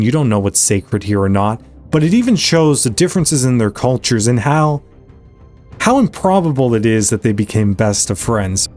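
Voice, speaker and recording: A man's voice: on the low side, darkish tone. A man hosting an anime reaction channel, earnestly retelling and commenting on a story, his voice rising in emphasis at the moving parts. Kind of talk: casual recap and commentary.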